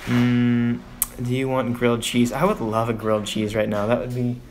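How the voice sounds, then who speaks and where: A man's voice: mid-range voice, flat delivery, moderate pace, darkish tone, a little hiss or hum. A young man from Texas hosting a casual livestream, rambling and sighing as he vents his frustration. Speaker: vlogger on a livestream.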